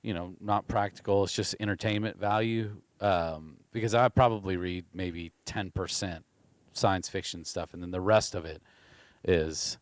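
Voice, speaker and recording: A man's voice: deep voice, steady tone, moderate pace, no echo. A man hosting a podcast in casual chat, rambling and teasing with lots of fillers. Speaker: podcast host.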